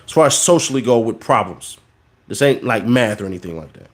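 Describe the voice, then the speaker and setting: A man's voice: medium pitch, lively intonation, a little fast. A man in his thirties hosting a podcast, giving a casual, preachy monologue and repeating words for emphasis. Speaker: podcast host.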